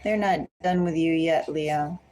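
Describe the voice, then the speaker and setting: A woman giving a collective tarot reading, speaking slowly and deliberately and repeatedly addressing the listener by star sign. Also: low-pitched, mellow, poor audio. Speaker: tarot reader.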